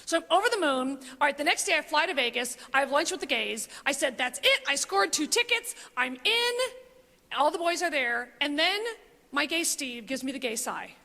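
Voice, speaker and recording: A man putting on a brash female comic with a very high, bright voice that leaps all over the place. She gushes and squeals through a gossipy story, and the voice rings in an echoey hall. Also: lively intonation, heavily acted. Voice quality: giddy, rapid, squealing. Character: brash gossipy female comedian telling backstage stories. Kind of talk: stand-up parody monologue.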